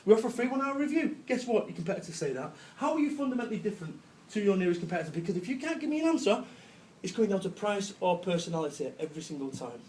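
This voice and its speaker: A man with a Manchester accent gives a brash, joking motivational business talk at a live event. His voice sits high for a man, and he laughs and swears along the way. A faint noise runs under the recording. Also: very animated, very fast, darkish tone. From Salford, England. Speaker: business speaker.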